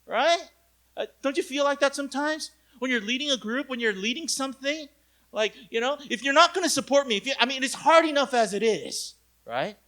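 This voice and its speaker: A young adult male pastor preaching a lively retreat sermon, talking to his listeners directly, asking them questions and acting out the quoted voices with big jumps in loudness. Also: very high voice, moderate pace, gravelly. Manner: conversational, asks the audience direct questions.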